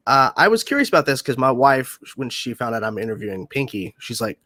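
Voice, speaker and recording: A man's voice: medium pitch, expressive, brisk, few pauses, pushed and bright, no echo. Young man, interview host, eager fan questions, close dry sound. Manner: eager fan, laughs often. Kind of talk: casual interview.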